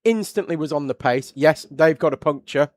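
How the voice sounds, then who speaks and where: A man with an English accent doing live motorsport commentary, chatty and quick to react loudly when something happens on track. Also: on the high side, no room sound, clean studio sound. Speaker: race commentator.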